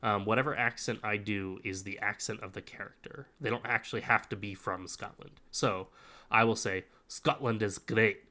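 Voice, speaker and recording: A man's voice: on the low side, fairly even intonation, moderate pace, sharp tone. A man co-hosting a podcast in casual chat, explaining game-master advice at length.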